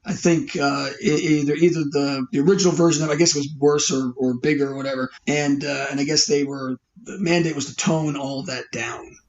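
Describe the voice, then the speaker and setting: A man's voice: fairly high pitch, steady tone, brisk, hardly any pauses, highs cut off. A man appearing as a guest screenwriter on a podcast, speaking hesitantly with many "you know" and "um" fillers. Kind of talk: casual film discussion.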